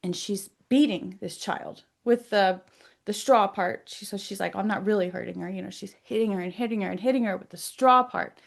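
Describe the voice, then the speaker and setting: A woman, a psychic and energy healer, telling a personal story in an animated, chatty way, full of casual fillers and dropping quiet for intimate moments. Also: medium pitch, moderate pace, vocal fry.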